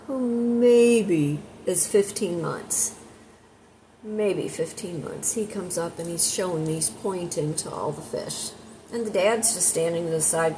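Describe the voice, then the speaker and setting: A woman with a somewhat low voice chats her way through a meandering story, one tangent leading to the next. Clear noise hangs under the recording the whole time. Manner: rambling, chatty storyteller. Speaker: content creator. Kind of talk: casual storytelling vlog. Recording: noisy background hiss.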